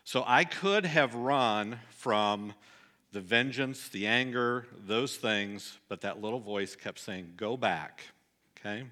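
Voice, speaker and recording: A middle-aged man delivering a sermon, telling a personal story earnestly and dropping soft and low at the sad moments. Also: slow. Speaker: pastor.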